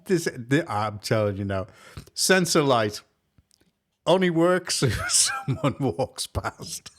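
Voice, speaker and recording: An English man co-hosts a casual live-streamed chat, speaking slowly at a medium pitch. He's jokey and lively, laughing often.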